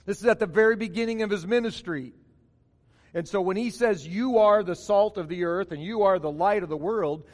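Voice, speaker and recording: A man's voice: sits high, long reverb tail. A man preaching a morning sermon as pastor, stressing key phrases by repeating them.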